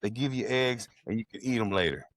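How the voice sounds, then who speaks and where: A man's voice: mid-range voice, animated, brisk, fairly bright tone, no room sound, studio quality. An older man co-hosting a casual chat, telling jokey stories with a lot of swearing. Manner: profane, joking storyteller. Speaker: podcast co-host. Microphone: video call.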